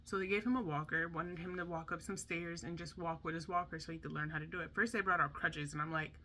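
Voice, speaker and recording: A woman's voice: lowish voice, fast, slight background noise. A young woman telling a candid storytime about her son's hospital stay, talking chattily and acting out the people she quotes. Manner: chatty, animated, acts out quotes.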